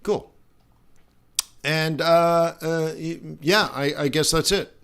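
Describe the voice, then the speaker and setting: A man's voice: fairly high pitch, fairly even intonation, takes it slowly, fairly bright tone, clean tone. Man, middle-aged, live trading stream host, casual, rambling, frequent restarts. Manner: rambling, chatty, many fillers and restarts.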